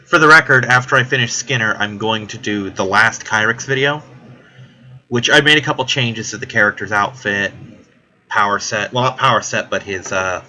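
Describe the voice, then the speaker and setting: A man's voice: fairly low pitch, normal speed, bright, forceful tone, low-quality recording. A young man chatting casually while playing a video game, rambling, swearing now and then. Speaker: let's play host. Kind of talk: casual gaming commentary.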